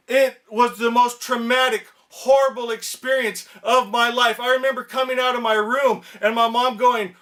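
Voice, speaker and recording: A man in middle age delivers a passionate spiritual sermon, his voice pitched unusually high. The tone is bright and forceful, rising often into shouting as he presses his points. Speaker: spiritual teacher. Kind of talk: impassioned preaching monologue.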